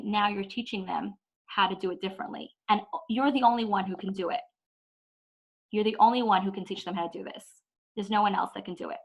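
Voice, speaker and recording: A woman's voice: mid-range voice, a bit bright, low-quality recording. A woman teaching an online parenting lesson in a chatty way, often saying "like" and acting out whiny kids. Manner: chatty, says "like" a lot, acts out whiny kids.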